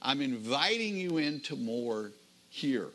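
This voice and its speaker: A middle-aged man, a pastor, preaching a sermon in a conversational storytelling manner, slowing down to stress key phrases. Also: mid-range voice, big pitch swings, a bit bright.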